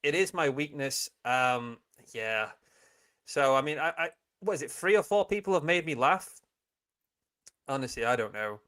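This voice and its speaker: A man's voice: medium pitch, animated, moderate pace, a bit bright, smooth. A man hosting a casual livestream, chatting, laughing often and reading viewer comments aloud. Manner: chatty, giggly, reads chat comments aloud. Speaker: livestream host. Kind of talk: casual live-chat stream.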